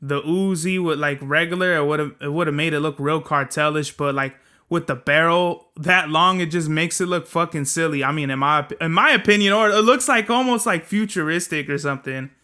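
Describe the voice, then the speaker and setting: A young Southern California man hosts a solo podcast, speaking at normal speed in a higher-pitched, bright, forceful voice with clean sound. His casual monologue is profane, rambling, and full of slang.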